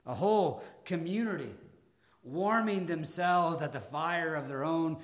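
Pitched a little high, this preacher's sermon is dramatic and deliberate, full of pauses. He alternates between forceful emphasis and hushed tones.

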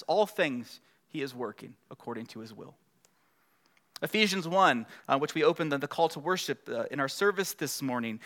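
A man's voice: on the high side, animated, moderate pace, a bit bright. A middle-aged male pastor preaching a sermon in a conversational way, building to emphatic passages.

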